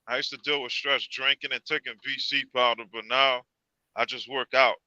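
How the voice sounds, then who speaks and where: A man's voice: mid-range voice, fairly even intonation, moderate pace, bright, forceful tone, no room sound. A man who drives trucks speaks briefly and plainly. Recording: dull lo-fi audio.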